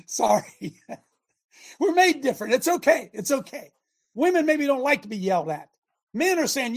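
A middle-aged man hosting a talk show, speaking in an animated, emphatic way with lots of repetition. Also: extremely high pitch, unhurried, pauses often. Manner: animated, emphatic, repeats himself, often laughs. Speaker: show host. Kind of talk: casual talk show monologue.

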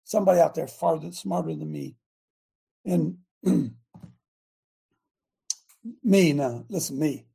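An older man hosting a talk radio show, delivering a fiery, repetitive preachy rant that rises to shouts. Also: a little high, slow, vocal fry, long pauses, breathy edge.

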